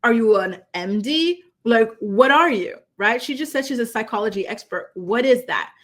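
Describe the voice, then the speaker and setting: A young woman speaks to camera from an indoor room, casual and emphatic, leaning on rhetorical questions. Her voice sits somewhat high. She sounds like a commentary host talking to her viewers. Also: animated, moderate pace, fairly bright tone.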